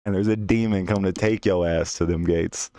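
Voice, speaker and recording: Man telling a profane, animated story. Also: low voice, a little fast, dry recording, clean studio sound. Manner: profane, slangy and animated, with frequent restarts and asides. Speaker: streamer telling a personal story. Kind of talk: casual first-person storytelling.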